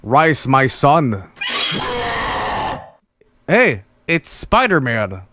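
A man's voice: medium pitch, big pitch swings, extremely slow, shouting, noisy background. A man doing profane, mocking let's play commentary on bad games, laughing often. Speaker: streamer.

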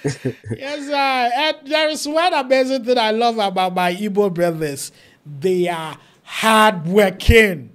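A host conducts a casual street interview, asking questions in a playful, teasing manner and sprinkling in pidgin phrases. The voice is medium-pitched, expressive, and slow.

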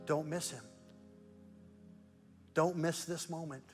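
A man preaching a sermon as pastor, moving between loud emphatic rhetorical questions and soft, hushed prayer. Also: on the high side, fairly even intonation, takes it slowly, long reverb tail, faint music behind. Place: church sanctuary.

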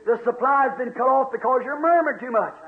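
A man's voice: extremely high pitch, quick pace. A man preaching a fiery sermon in a church, folksy and full of exclamations. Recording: tinny echoey old church tape.

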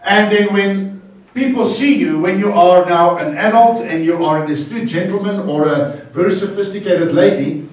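A South African pastor preaching a lively, playful sermon and bantering with his congregation. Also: high-pitched, normal speed. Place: church hall. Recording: very echoey church hall, far from the mic.

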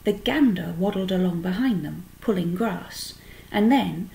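A woman reading a children's book aloud, pausing to explain words to young listeners. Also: on the low side, expressive, vocal fry, warm tone, low-quality recording. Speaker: storyteller.

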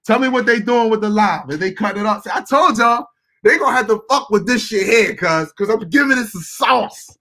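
A man hosting casual reaction commentary, animated and profane, addressing viewers as his people. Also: sits high, fairly quick, hardly any pauses. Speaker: host.

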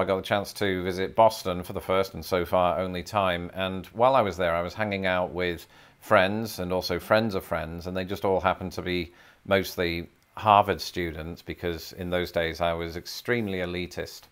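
English guy vlogging, lowish voice, dry self-deprecating jokes. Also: normal speed, clean tone. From England. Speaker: YouTuber. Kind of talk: comedic talking-head vlog.

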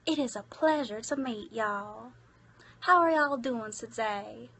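A woman's voice: on the high side, takes it slowly, slightly rough, heavily acted. A woman putting on a sweet shy Southern girl. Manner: soft, gentle and motherly.

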